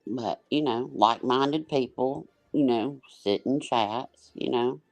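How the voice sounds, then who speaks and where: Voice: mid-range voice, takes it slowly, gravelly, dry recording. A panel guest chatting on a livestream, rambling and restarting sentences with lots of fillers. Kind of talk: casual livestream chat.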